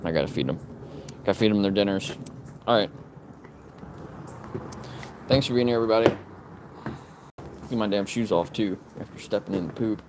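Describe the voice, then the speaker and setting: Outdoors in his yard, a man vlogs casually to the camera, rambling about his dogs and calling commands to them in a raised, sing-song voice. His voice is on the low side, his speed is normal, he pauses often, and there is a noisy background.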